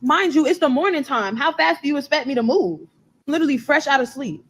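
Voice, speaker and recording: A woman's voice: high voice, animated, fairly quick, a bit bright, poor audio. A young woman telling a personal story in a vlog, in an earnest, repetitive way. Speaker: storyteller in a played clip.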